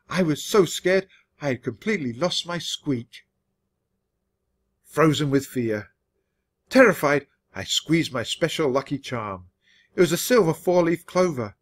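A man narrating a children's chapter book, expressive and clearly paced for English learners. His voice sits slightly on the higher side. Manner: expressive, measured reading. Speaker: storybook reader. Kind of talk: read-aloud children's story for learners.

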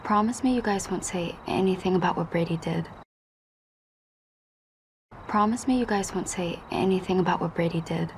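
A woman's voice: lowish voice, normal speed, long pauses, slight background noise, natural voice. An actress playing an anxious teenage girl in a TV series, pleading with her friends. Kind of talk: TV series dialogue.

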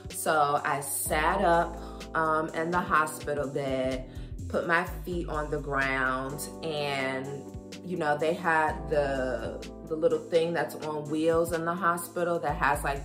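A woman telling a personal story to her viewers in a chatty, expressive way. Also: deep voice. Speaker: vlogger. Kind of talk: casual storytelling to camera.

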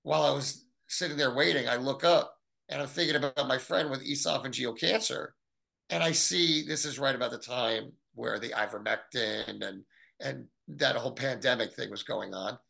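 Gravelly, bright-toned man telling his story. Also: normal speed. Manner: animated, acts out quoted voices with big pitch jumps. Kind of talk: storytelling in an interview.

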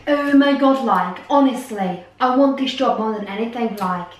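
A woman's voice: fairly high pitch, normal speed, close to an everyday voice. A woman playing a desperate job applicant who pleads to be hired despite turning up late. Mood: pleading. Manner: pleading, insistent. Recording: echoey room, distant mic, music.

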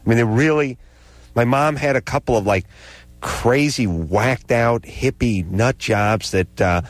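A man's voice: medium pitch, unhurried, no echo. A man co-hosting a talk radio show, telling a comic story in a sarcastic, ranting way. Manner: sarcastic, ranting, animated delivery. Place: radio studio.

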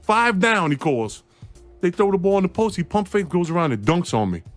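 An animated man recounts an old basketball story, laughing as he goes, his voice a little high and swinging widely in pitch. Faint music sits underneath the played clip. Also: a little fast. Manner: laughing, excited anecdote with acted quotes. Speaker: former player telling a story.

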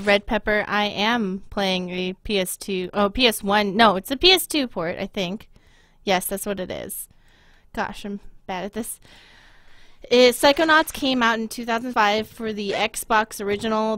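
Woman let's-player, rambling and self-mocking, bright tone. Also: medium pitch, a little slow, no room sound. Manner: casual, rambling, self-deprecating. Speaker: gaming streamer. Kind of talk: let's play commentary.

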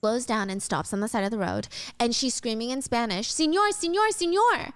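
A young woman casually recapping a film as the host, acting out the characters' lines with lively delivery. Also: a little high, brisk, no echo, clean studio sound. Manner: animated storytelling, acts out characters' lines.

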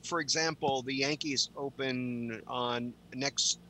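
A man's voice: mid-range voice, fairly even intonation, slow, sharp tone, a little hiss or hum, low-quality recording. A man on a chat panel, chatting matter-of-factly.

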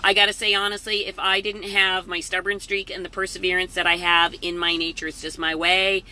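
A woman's voice: on the low side, flat delivery, a little fast, sharp tone. A middle-aged woman hosting a casual live-stream from her parked truck, chatty and motivational. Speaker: vlog host. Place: parked truck at a rest area.

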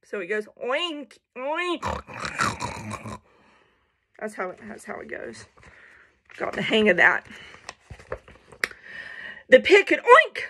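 A woman's voice: medium pitch, wildly swooping pitch, unhurried, pauses often, sharp tone, a little hiss or hum. A young woman reading a children's picture book aloud at home, playful, with chatty asides to her viewers. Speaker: storybook reader for children.

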